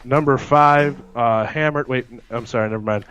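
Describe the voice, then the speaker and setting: A man's voice: mid-range voice, moderate pace, fairly bright tone, a little hiss or hum. A man co-hosting a podcast in casual chat, rambling and joking. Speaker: podcast co-host.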